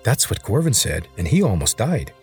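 A man's voice: fairly low pitch, big pitch swings, moderate pace, darkish tone, faint music behind. A man voicing a loyal male lizard creature who speaks stiffly and formally, with no contractions. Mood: urgent.

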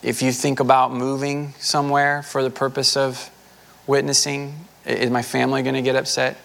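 Man preaching a relaxed folksy sermon. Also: mid-range voice, normal speed, creaky. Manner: conversational, folksy preaching with filler words. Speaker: pastor.

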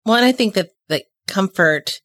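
A woman's voice: mid-range voice, lively intonation, normal speed, a bit bright. A woman in her forties co-hosting a casual chat, talking loosely with many fillers and laughing easily. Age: 40s.

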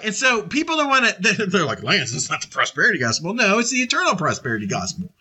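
Earnest guy preaching, high voice, real sharp and bright, reads verses out loud. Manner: earnest, reads scripture aloud with frequent restarts; animated when voicing a small child. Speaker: preacher leading a Bible study. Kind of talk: conversational Bible teaching with scripture reading.

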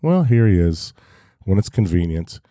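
A man's voice: low-pitched, sing-song, normal speed, dark tone, no echo, studio quality. A man co-hosting a podcast, talking in a critical, wry way. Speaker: podcast co-host. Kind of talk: opinionated podcast chat.

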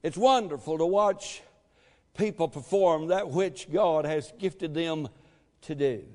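High-voiced preacher in a reverberant church. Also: male voice, takes it slowly. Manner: emphatic, calls for amens, shouts at peaks. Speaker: pastor. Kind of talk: sermon. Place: church sanctuary. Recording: long reverb of a church hall.

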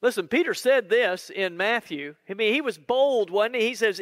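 A man preaching a sermon in an earnest, conversational way, with drawn-out pauses. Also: sits high, animated, dry recording, studio quality.

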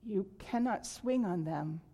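A woman reading aloud and voicing a gentle, giving female apple tree in a tender, slow storybook manner. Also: mid-range voice, lively intonation, slightly rough. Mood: sorrowful.

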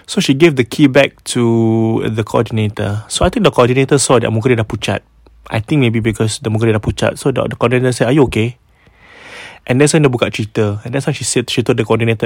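A man's voice: mid-range voice, fast talker, no room sound. A man with a Singaporean accent hosting a podcast, casually retelling a ghost story, mixing in Malay phrases and often repeating words as he goes. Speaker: podcast host.

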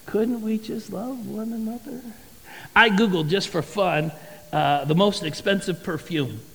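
High gravelly-voiced male preacher. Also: a little slow, in a large hall, a little hiss or hum, rough recording. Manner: animated storytelling with dramatic emphasis. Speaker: pastor. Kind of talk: sermon.

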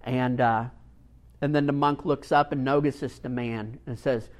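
Slow, emphatic man preaching a sermon. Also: mid-range voice, steady tone. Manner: emphatic, swings from quiet to loud, long pauses.

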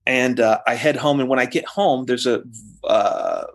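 Profane, animated rock guitarist telling stories. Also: male voice, mid-range voice, moderate pace. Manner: animated, profane, acts out quotes in raised voice. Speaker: interview guest, rock guitarist. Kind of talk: casual storytelling interview.

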